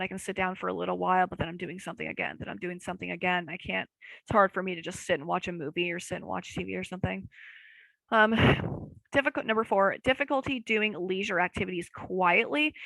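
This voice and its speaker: A woman's voice: mid-range voice, creaky, fairly bright tone, no room sound, rough recording. A young woman hosting a podcast, talking in a rambling, casual way with lots of fillers and self-deprecating asides. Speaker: podcast host. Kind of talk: casual chat.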